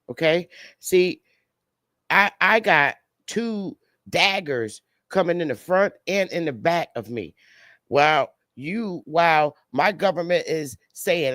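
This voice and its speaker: A woman's voice: low-pitched, no room sound. A woman speaking as a panelist on a live stream, delivering a heated, blunt and profane rant over a video call. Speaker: livestream panelist.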